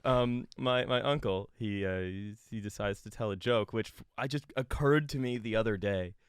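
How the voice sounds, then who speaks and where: Comedy podcast co-host, man from Canada. Halting, self-interrupting storyteller, laughs often. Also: on the low side, smooth, dry recording, clean studio sound. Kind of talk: casual comedic chat.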